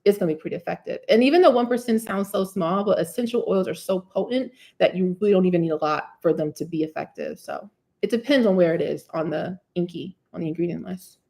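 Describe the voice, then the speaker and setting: A woman's voice: fairly low pitch, fast talker, creaky, a little mellow. Chatty woman from New Jersey. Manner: chatty, many fillers like "you know what I'm saying". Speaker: curly hair care host answering live questions. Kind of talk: live Q&A chat. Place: indoors, live stream.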